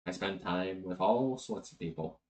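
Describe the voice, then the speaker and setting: A man's voice: low-pitched, moderate pace, natural voice, rough recording. A man voicing an easygoing male archangel of winter, friendly and preachy, in a tabletop game. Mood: lecturing. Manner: friendly, then lecturing.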